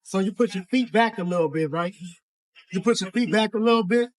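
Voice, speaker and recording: A man's voice: high voice, a little fast. A young man giving casual workout instruction in a gym, laid-back and slangy, constantly checking in with tag questions. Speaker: fitness coach.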